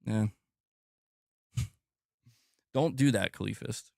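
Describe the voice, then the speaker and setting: A man hosting a gaming channel livestream, ranting in an exasperated, profane way that repeats itself and climbs in pitch as he gets worked up. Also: slow, vocal fry, mellow, no room sound, studio quality. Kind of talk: livestream rant reading chat.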